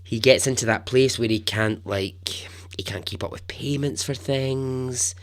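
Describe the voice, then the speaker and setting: A man hosting a storytelling podcast, narrating in a chatty, animated way with asides. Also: mid-range voice, unhurried. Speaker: podcast host.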